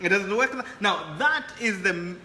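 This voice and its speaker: A man's voice: high voice, expressive, moderate pace, bright, forceful tone, reverberant, slight background noise. A man talking as a guest in a casual chat, often repeating words as he builds his points.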